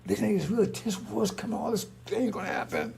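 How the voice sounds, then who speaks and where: A man's voice: high-pitched, steady tone, quick pace, gravelly, a little mellow, a little hiss or hum. A man giving an informal religious talk, rambling and repetitive, full of rhetorical questions. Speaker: preacher.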